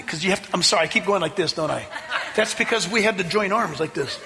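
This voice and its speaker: Pastor, male, high-pitched and gravelly, preaching with emphatic storytelling in a reverberant hall. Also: fast talker, bright, forceful tone, slight background noise. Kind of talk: sermon.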